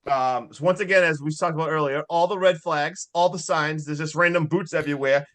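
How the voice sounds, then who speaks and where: A man co-hosting a podcast, excitedly recapping a horror movie in casual chat. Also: a little high. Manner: excitable, swears, recaps in quick bursts with laughs. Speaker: podcast co-host.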